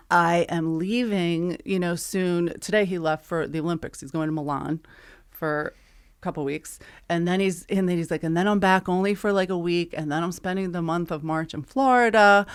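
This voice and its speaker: Co-hosting a podcast, a middle-aged woman tells a story in a chatty, casual way, acting out texts and conversations while laughing a lot. Her voice is lowish, clear and resonant.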